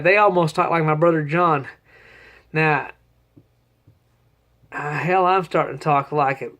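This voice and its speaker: Male hiker-host, higher-pitched and folksy, rambling salty delivery. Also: unhurried, pauses often, fairly bright tone. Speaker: long-distance hiker, podcast host. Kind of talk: casual spoken trail diary.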